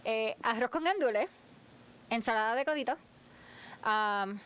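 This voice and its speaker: A woman's voice: on the high side, lively intonation, normal speed, fairly bright tone, clean tone. A woman from Ponce, Puerto Rico, co-hosting an interview show and chatting easily between Spanish and English. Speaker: co-host. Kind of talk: casual chat.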